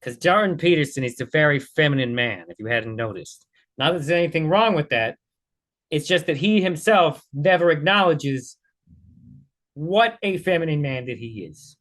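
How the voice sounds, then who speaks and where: A man's voice: fairly high pitch, expressive, normal speed, fairly bright tone. A man hosting a reaction video, talking bluntly and swearing freely in casual commentary.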